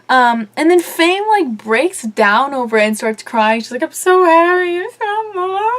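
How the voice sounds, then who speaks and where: Chatty opinionated young woman vlogger. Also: fairly high pitch. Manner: chatty and opinionated, lots of fillers and swearing. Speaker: vlogger reviewing a TV episode. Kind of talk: casual chat.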